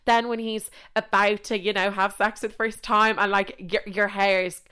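Smooth-voiced animated Irish woman. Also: medium pitch, moderate pace. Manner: animated, chatty, swears freely, gets carried away. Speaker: podcast host. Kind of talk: casual chat.

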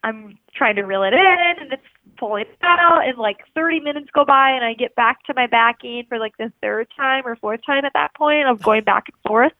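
A woman with a slightly high voice tells an animated story in casual, loose speech, leaning on "like" and swearing freely. She comes through a narrow, phone-like line with a dry, close sound and no room around her. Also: moderate pace, dry recording.

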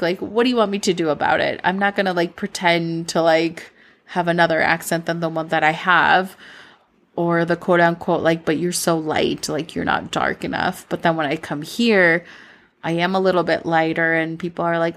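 Woman, Midwestern accent, slightly low voice, solo podcast host, candid and rambling, lots of fillers. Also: fairly even intonation, measured pace. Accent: Midwestern American. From born in Colombia, raised in Minnesota. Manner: candid, rambling, frequent "like" fillers, laughs at herself. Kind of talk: reflective solo podcast monologue.

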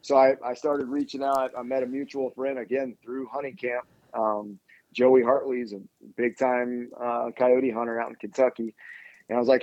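A man's voice: medium pitch, moderate pace, dry recording. A man in his thirties chatting casually and telling stories, acting out the quoted lines. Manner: relaxed storyteller who acts out quoted dialogue. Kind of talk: casual chat. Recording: dull, dry lo-fi sound.

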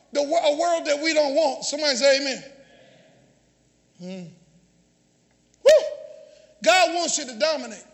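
Male pastor, very high bright voice, call-and-response sermon, long church reverb. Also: creaky. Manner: call-and-response preaching, often shouting. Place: church sanctuary.

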